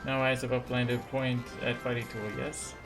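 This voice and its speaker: A man reading lines for a goblin craftsman in halting, broken speech, mostly in his own voice. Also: mid-range voice, close to an everyday voice. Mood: earnest. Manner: halting pidgin phrasing, read flatly. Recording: game music behind.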